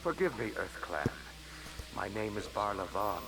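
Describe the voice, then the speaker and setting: An actor voicing a polite, scheming male alien financial agent in a video game, speaking in a courteous, formal, flattering way. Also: on the low side, unhurried, creaky, heavily acted. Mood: smooth formal. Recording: noisy game audio capture.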